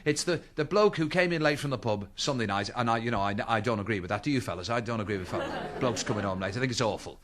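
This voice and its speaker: A middle-aged Liverpool comedian performs stand-up on stage before a live audience, chatty and teasing as he spins jokes. His medium-pitched voice is expressive and quick, with hardly any pauses, over background noise.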